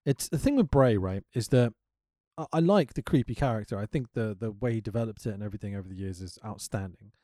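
A man's voice: lowish voice, animated, fast talker, warm tone, dry recording, studio quality. A man co-hosting a casual chat show, swearing freely, joking and laughing often. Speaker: podcast co-host.

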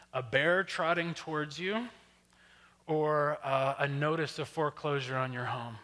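A man giving an animated storytelling workshop talk, often checking in with the audience. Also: a little high. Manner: animated, keeps asking "right?". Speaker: workshop presenter. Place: church hall. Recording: long hall reverb.

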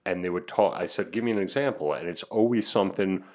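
A man's voice: low-pitched, fast talker, darkish tone. A man co-hosting a podcast, chatting casually and telling stories in a laid-back way. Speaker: podcast co-host. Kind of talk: casual chat.

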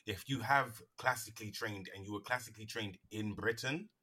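A man's voice: lowish voice, brisk, sharp tone. A man in casual podcast chat about actors and accents, rambling with fillers and restarts.

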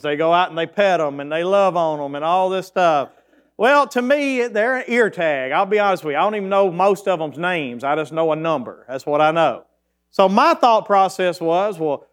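A man, a pastor telling a folksy story in his sermon that builds into fervent preaching. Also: high voice.

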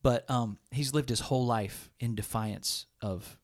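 A man's voice: medium pitch, measured pace. A man on church staff telling a personal story in an earnest, rambling way during a casual discussion.

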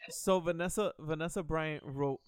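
A young man hosting a podcast in casual chat, excitable and profane, laughing often and restarting his sentences. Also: on the high side, normal speed, clear, resonant tone, no room sound, clean studio sound. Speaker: podcast host.

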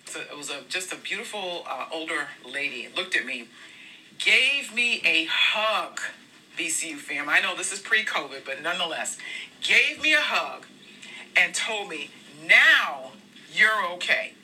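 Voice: mid-range voice, pushed and bright, slight background noise. A speaker giving a devotional talk to a campus fellowship, telling personal testimony stories in an earnest, conversational way. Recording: voice a bit far from the mic.

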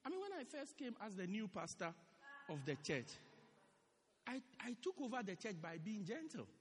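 A pastor preaching a sermon in a church, animated and repeating his phrases for emphasis. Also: sits high, moderate pace. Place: church hall. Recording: echoey church hall.

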